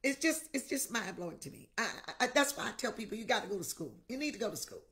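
A middle-aged woman bishop preaching a Pentecostal sermon, crying out in tongues, shouting and weeping, then dropping to a whispered appeal. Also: on the high side, very animated, fast. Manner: drops to intimate whispered exhortation.

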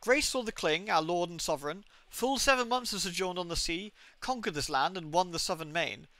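A man's voice: high-pitched, expressive, fairly quick, bright, forceful tone, no room sound, heavily acted. A man voicing a haughty female guinea pig ruler in a game, reading her lines in a grand, formal way. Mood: grandiose.

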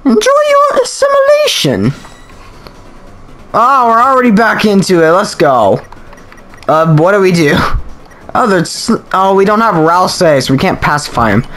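A man's voice: high-pitched, lively intonation, normal speed, a bit bright. A man giving casual gameplay commentary, chatty and reactive, thinking aloud as he plays. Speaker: let's play host.

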